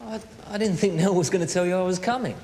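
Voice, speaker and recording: An actor with a British accent playing a hapless young male comedian who talks in dry, deadpan sarcasm. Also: high voice, fast, background noise. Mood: rueful. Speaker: stand-up comedian.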